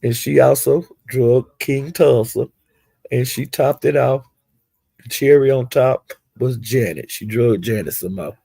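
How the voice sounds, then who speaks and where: A man giving a casual, rambling gossip recap of livestreams, with animated retelling and frequent asides. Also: medium pitch, a little slow, creaky, slightly rough, no echo.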